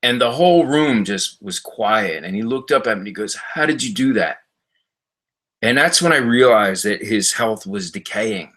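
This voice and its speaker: A man's voice: animated, a bit bright. Rambling middle-aged man chatting on a livestream. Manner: rambling, halting, many fillers and restarts; jumps high when mimicking others in stories. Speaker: livestream host answering viewer comments. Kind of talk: casual livestream chat and storytelling. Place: home library.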